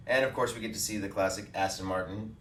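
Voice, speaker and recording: A man's voice: fairly low pitch, fairly even intonation, fast, fairly bright tone, a little hiss or hum. A man co-hosting a casual film chat, upbeat and speaking to viewers, recorded at a distance in an echoey space. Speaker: co-host. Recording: roomy echo, far from mic.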